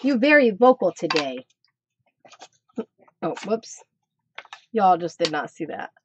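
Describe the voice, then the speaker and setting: A woman's voice: on the low side, very animated, slow, dull audio, background noise. Chatty woman teasing her dog. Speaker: craft channel host. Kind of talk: casual live-stream chat.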